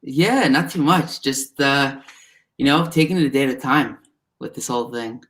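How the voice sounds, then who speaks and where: A man from New Jersey, a recruiter appearing as a guest, chatting in a relaxed, easygoing way over a video call. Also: medium pitch, normal speed. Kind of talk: casual interview chat.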